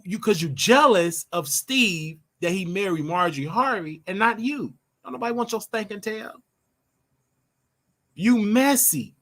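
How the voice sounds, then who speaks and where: A brash older man hosts his own talk show with a bright, forceful edge to his voice. He scolds and stretches words out for emphasis, and his voice sits a little high for a man. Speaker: show host. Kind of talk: casual commentary monologue.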